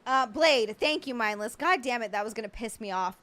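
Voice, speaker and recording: A woman with a fairly high voice hosts a casual, chatty livestream. Excitable and quick to laugh, she greets viewers and responds to their comments.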